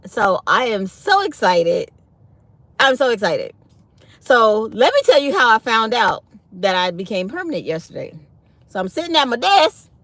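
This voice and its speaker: A woman, hosting a casual morning chat for her channel and telling stories with acted-out quotes. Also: on the high side. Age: 50s. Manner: animated storytelling with acted-out quotes. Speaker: channel host. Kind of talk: casual chat to live viewers.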